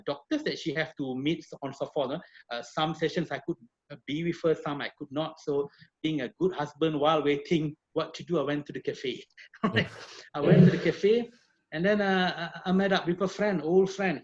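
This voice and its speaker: Husky middle-aged professor on a call. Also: male voice, a little high, moderate pace. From Malaysia (Perak). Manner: animated, repeats words often. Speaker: professor and guest speaker. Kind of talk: storytelling talk. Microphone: video call. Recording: dull lo-fi video call audio.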